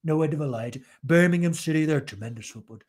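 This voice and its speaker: A man's voice: on the high side, quick pace, lightly acted. A man putting on an impression of a boastful older male politician who repeats his catchphrases in a bragging, exaggerated way.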